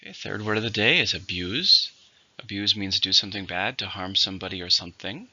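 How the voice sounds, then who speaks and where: Bright-voiced male English teacher, lo-fi. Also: on the low side, no echo. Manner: slows down and stresses syllables when modelling words. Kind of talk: vocabulary lesson.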